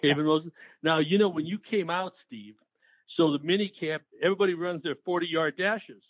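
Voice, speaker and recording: A man's voice: a little high, normal speed, no echo. A man hosting an interview, chatty and trading his own anecdotes with the guest. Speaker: interview host, longtime team media man. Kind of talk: casual interview chat. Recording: dry tinny phone-like sound.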